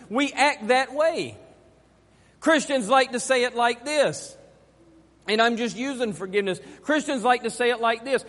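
A man's voice: very high-pitched, a bit bright. A man preaching a sermon, emphatic and fond of repeating his key phrases. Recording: long hall reverb.

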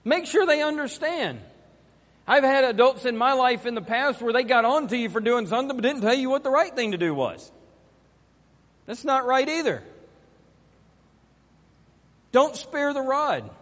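A man's voice: very high voice, lively intonation, normal speed, long pauses, a bit bright. A man preaching a sermon, emphatic and fond of repeating his key phrases. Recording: long hall reverb.

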